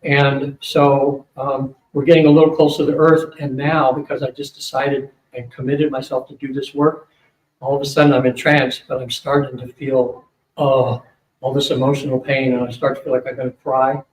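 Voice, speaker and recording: An older man speaking at a psychic fair, telling a long rambling story to an audience, with many fillers and quick asides. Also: mid-range voice, level tone. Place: hotel event room. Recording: roomy, distant mic with faint hum.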